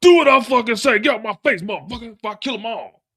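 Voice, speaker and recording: A man's voice: on the high side, very animated, fast, vocal fry, a bit bright, breathy edge, voice pushed up, exaggerated voice. Guy acting out a drunk angry drug boss, cussing and barking orders. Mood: furious. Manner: menacing, profane.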